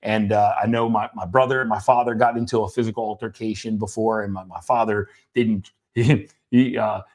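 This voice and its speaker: A middle-aged man co-hosting a talk, telling his childhood story in a halting way with many restarts, at times emotional. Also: fairly low pitch, fairly even intonation, a little mellow. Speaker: podcast co-host. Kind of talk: personal storytelling conversation.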